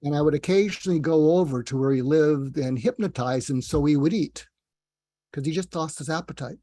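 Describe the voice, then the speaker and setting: A man's voice: on the high side, a little fast, mellow, no room sound. A man speaking as a psychiatrist guest on an interview, rambling and self-deprecating, telling stories with asides. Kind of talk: casual interview talk.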